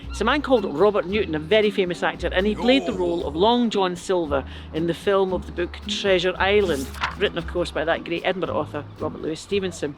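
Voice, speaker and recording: A man's voice: high-pitched, fast talker, few pauses. A man narrating a comic history story with playful, chatty asides to the listener. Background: music.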